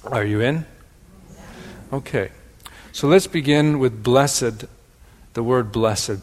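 A spiritual teacher with a Wisconsin accent teaches slowly and reflectively, turning words over and repeating them for emphasis. He is gentle and pondering, his pitch sits in an ordinary middle range, and a long hall reverb colors the sound.

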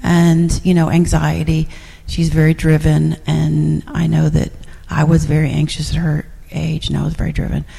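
A middle-aged woman shares reflections in a class, rambling with many fillers and restarts and laughing often. Her low, dark, husky, gravelly voice is completely flat, at normal speed with hardly any pauses, and sounds like it's in a large hall.

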